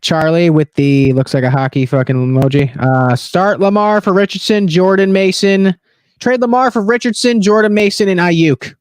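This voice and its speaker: A man's voice: sits high, normal speed, clear, resonant tone, no echo, studio quality. A tired man co-hosting a casual fantasy football livestream, loose and joking, swearing freely.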